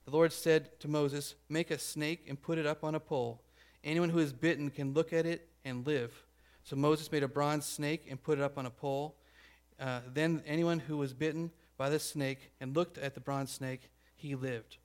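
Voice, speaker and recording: A man's voice: fairly high pitch, fairly even intonation, normal speed, clear, resonant tone. Man preaching a conversational sermon. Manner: conversational preaching, checks in with the congregation; acts out grumbling crowd voices. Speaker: pastor.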